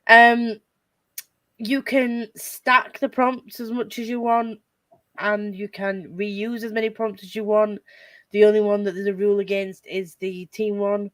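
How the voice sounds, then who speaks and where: A woman's voice: medium pitch, level tone, a little slow, fairly bright tone, dry recording, clean studio sound. A woman hosting a casual group livestream, chatty and rambling, laughing often. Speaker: host of a reading livestream.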